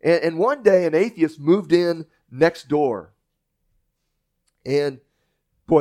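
Folksy preacher man with a higher voice. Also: moderate pace, warm tone. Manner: folksy storytelling preacher with restarts. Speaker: pastor. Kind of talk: sermon.

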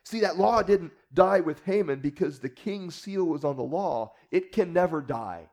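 A male preacher with a somewhat high but mellow, warm voice. He teaches in a relaxed storytelling way and keeps turning to the listeners with rhetorical asides. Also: normal speed. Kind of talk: conversational Bible teaching.

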